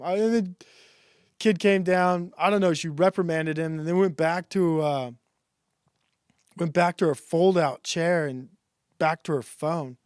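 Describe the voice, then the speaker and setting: A man in his thirties hosting a stream, giving a sarcastic, deadpan satirical monologue that rambles with restarts and swearing. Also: high voice, moderate pace, no room sound, studio quality. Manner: rambling, loose delivery with restarts. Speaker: stream host.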